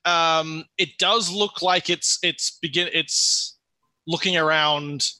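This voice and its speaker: A man's voice: on the high side, fairly even intonation, takes it slowly, sharp tone, no room sound, rough recording. A man narrating as dungeon master in a hesitant way, with many fillers and restarts. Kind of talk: narrating a tabletop game.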